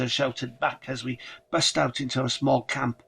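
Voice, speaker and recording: A man's voice: medium pitch, fairly even intonation, unhurried, pushed and bright, husky, faint music behind, rough recording. Man narrating a horror story. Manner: dramatic, swears casually.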